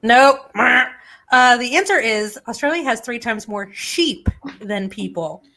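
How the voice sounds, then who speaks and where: Unhurried woman hosting a casual show. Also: a little high, lively intonation, bright, forceful tone. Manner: chatty, joking, quizzes her co-hosts. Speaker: podcast host. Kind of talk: casual chat.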